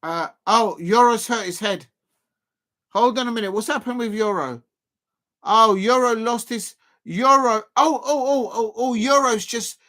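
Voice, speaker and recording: A man doing live football reaction commentary as a streamer, chatty and quick to exclaim. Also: high voice, a bit bright. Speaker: live watch-along streamer.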